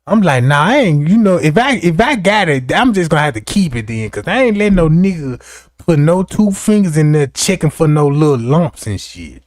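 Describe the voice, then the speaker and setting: A man's voice: on the high side, normal speed, no echo, clean studio sound. A young man telling a comic story, talking loosely and profanely and often checking in with the listener. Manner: animated, profane, keeps asking "you know what I'm talking about". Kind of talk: comedic storytelling.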